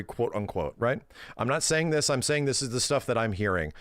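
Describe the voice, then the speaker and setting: A man's voice: mid-range voice, normal speed, no echo. A man in his thirties streaming, talking casually and ranting with lots of swearing into a close mic. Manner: animated, profane ranting. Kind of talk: casual livestream commentary.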